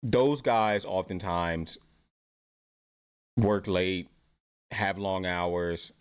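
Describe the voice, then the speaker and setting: A man's voice: deep voice, very slow, smooth. A man from Britain hosting a reaction channel, giving opinionated commentary in a chatty way and asking rhetorical questions. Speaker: host.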